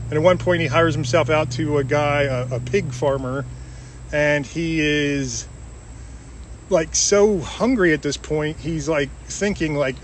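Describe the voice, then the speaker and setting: A man's voice: fairly high pitch, unhurried, long pauses, a little hiss or hum. A man giving an informal Bible talk, retelling a parable in a conversational way with restarts and fillers. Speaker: Bible teacher.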